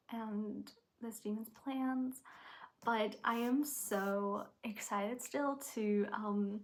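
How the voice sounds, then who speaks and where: An excitable young woman talks to her camera about her reading in a slightly high voice. She gushes and rushes, and at tense moments she drops into a nervous whisper. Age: young adult. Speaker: book vlogger. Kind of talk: casual vlog talk to camera.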